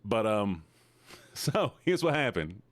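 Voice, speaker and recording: A man streaming live, chatting casually with his viewers and telling animated stories. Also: on the low side, slow pace, no room sound. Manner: animated storyteller, talks to chat.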